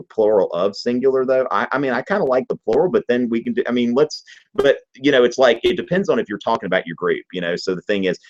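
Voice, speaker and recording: A man hosting a live history Q&A, explaining in an animated, joking, digressive way. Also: low voice. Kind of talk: casual live-stream lesson. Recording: dull lo-fi stream audio.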